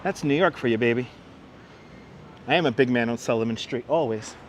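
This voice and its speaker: A man hosts a live stream while walking through city streets, chatting, reading the chat aloud, and greeting viewers by name. He speaks briskly at medium pitch through a wireless clip-on mic, with faint street and traffic noise behind him.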